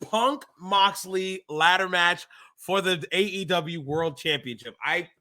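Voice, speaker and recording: A man with a bright, forceful voice pitched a little high rants as a worked-up fan. He co-hosts a podcast in casual chat, and his talk is emphatic and exasperated. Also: slow pace. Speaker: wrestling podcast co-host.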